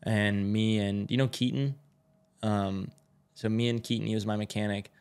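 Young american guy, low voice, swears a lot and acts out the quotes, podcast story. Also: steady tone, normal speed, darkish tone, clear, resonant tone. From United States. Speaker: podcast guest, motorcycle racer. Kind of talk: casual storytelling.

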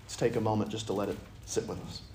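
A man leading an interactive Bible study, reading scripture and acting out the dialogue with lively energy. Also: lowish voice, quick pace, a little hiss or hum. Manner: animated, acts out dialogue in voices. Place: church meeting room. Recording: echoey room.

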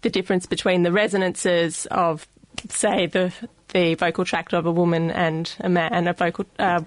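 A woman's voice: on the low side, flat delivery, moderate pace, no room sound. A woman with an Australian accent, a guest on a radio science show, explaining carefully with many ums. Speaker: guest linguist.

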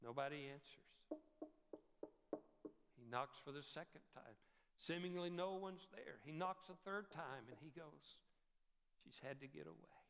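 Man preaching, slow dramatic storytelling, shouts and whispers, high voice, echoing hall. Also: vocal fry, clear, resonant tone. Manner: slow, theatrical, swings from shouts to hushed whispers.

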